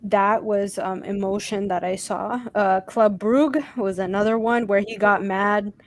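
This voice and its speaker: A woman's voice: medium pitch, fairly even intonation, unhurried, no echo. Woman on a footy podcast, direct and fed up with her team's coach. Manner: frustrated, direct. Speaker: podcast co-host. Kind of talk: casual podcast chat.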